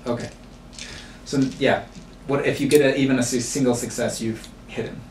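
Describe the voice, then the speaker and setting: A man running a tabletop game, talking through the rules with frequent pauses. He sits away from the mic in an echoey room. A steady hiss of noise sits under his voice. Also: medium pitch, recorded from a distance. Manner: halting, many fillers. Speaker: game master.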